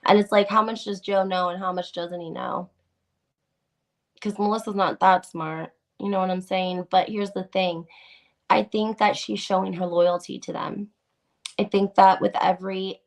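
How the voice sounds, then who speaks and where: A woman hosts a casual gossip livestream and reads out viewer comments as she goes. Her talk is animated and opinionated, with plenty of "like"s and restarts. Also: medium pitch, vocal fry.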